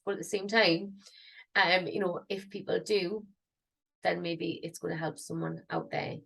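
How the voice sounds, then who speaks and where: A woman's voice: medium pitch, steady tone, a little fast, gravelly, a bit bright, rough recording. A woman, rambling and thinking aloud in a casual vlog. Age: 30s. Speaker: singer vlogging.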